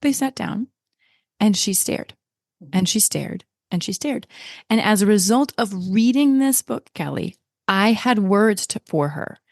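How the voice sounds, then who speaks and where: A woman's voice: mid-range voice, expressive, measured pace, vocal fry, darkish tone, no room sound, clean studio sound. A woman hosting a podcast interview, reflective and chatty as she tells a story. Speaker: podcast host.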